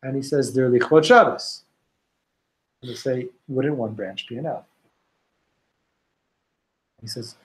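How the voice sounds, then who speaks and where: A man teaching an informal Talmud class, retelling a story with lively restarts and Hebrew and Aramaic quotes. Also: medium pitch, takes it slowly, long pauses, poor audio. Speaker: Torah teacher.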